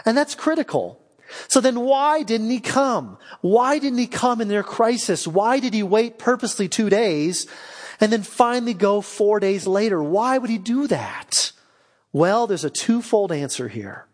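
A high-pitched male preacher delivers a sermon, reading scripture passages in a measured way. He then turns to his listeners with pointed, rising questions. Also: very animated, long reverb tail. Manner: reads verses slowly then asks questions with rising emphasis. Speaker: guest pastor.

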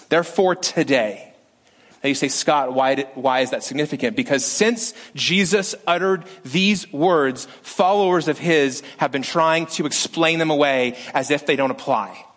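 Guy pastor preaching, kinda high voice, animated, acts out the bible quotes. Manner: lively, animated delivery with acted-out quotes. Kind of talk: sermon.

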